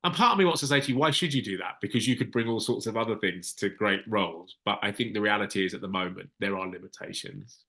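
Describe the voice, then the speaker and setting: A man's voice: on the low side, fast, hardly any pauses, bright, forceful tone. A man, a casting director answering questions frankly in a Q&A, often restarting his sentences. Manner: frank, hesitant, with many restarts. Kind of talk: Q&A advice session.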